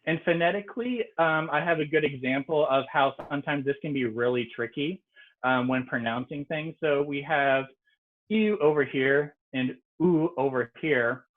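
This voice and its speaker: A man's voice: fairly high pitch, a little slow. A man, a native English speaker, teaching an online French lesson in a casual, explanatory way with frequent ums. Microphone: video call. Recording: tinny video-call audio.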